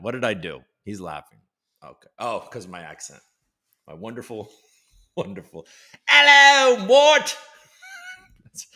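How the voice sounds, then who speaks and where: Bright-voiced man hosting a livestream. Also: medium pitch. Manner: loose, joking, greets chat viewers by name. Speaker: livestream host. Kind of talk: casual live-stream market chat. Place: home.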